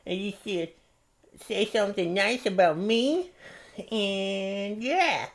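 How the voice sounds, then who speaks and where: A man putting on a squeaky gushing baby girl. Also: slow pace, creaky, heavily acted. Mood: sweet. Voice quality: high squeaky put-on baby voice. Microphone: studio microphone.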